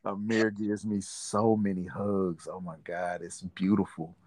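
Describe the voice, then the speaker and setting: A middle-aged man talks in a very low voice, thoughtful and quick to laugh. The sound is close and dry. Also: flat delivery, dry recording. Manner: warm, reflective, laughs often. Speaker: interviewee, father. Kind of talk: casual family interview.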